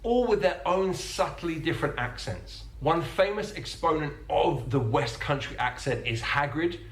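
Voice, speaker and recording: A man giving clear, measured, scripted explanations as a teacher. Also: fairly high pitch, animated, echoey room. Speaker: English teacher.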